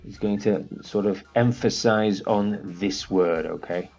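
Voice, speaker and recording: A man teaching an architecture course, walking through a software demo in a relaxed way, thinking aloud with fillers. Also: fairly low pitch, a little slow, vocal fry, muffled recording. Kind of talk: screen-share software tutorial.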